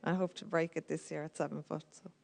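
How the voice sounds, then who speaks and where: A woman's voice: low-pitched, steady tone, quick pace, gravelly, a little mellow. A woman from Ireland answering a host's questions briefly and modestly. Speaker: amateur jockey guest. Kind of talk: interview answers.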